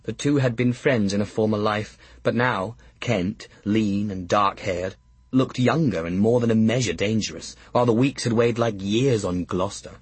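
Husky man narrating a wry tale. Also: fairly low pitch, normal speed, no echo. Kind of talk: audiobook narration.

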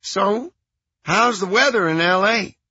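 A man's voice: high voice, unhurried, bright, forceful tone, breathy edge, dry recording, lo-fi sound, voice pushed up, heavily acted. A man voicing a bored, chatty woman on the phone who draws out her syllables.

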